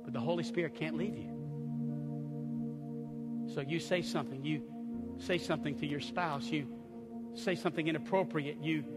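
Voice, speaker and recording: A pastor preaching a sermon and leading a closing prayer, moving from hushed, intimate lines to rising, impassioned outbursts. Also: male voice, a little high. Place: church sanctuary. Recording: echoey hall with music behind. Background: soft music underneath.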